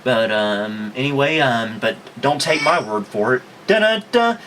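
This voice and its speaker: A man hosting a casual retro computer review, talking in a relaxed, rambling way full of ums. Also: mid-range voice, a little slow, background noise. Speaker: host. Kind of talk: casual tech review chat.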